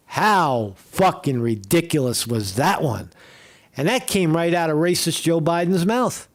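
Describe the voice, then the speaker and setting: A man's voice: a little high, animated, measured pace. A man hosting a livestream, ranting in a heated, profane way and repeating himself with many fillers. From Northeast Pennsylvania. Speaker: streamer host.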